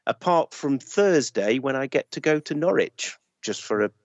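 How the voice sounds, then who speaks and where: A man's voice: mid-range voice, lively intonation, moderate pace, dry recording, lo-fi sound. A man co-hosting a casual podcast, joking and teasing the others. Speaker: podcast co-host. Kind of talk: casual chat.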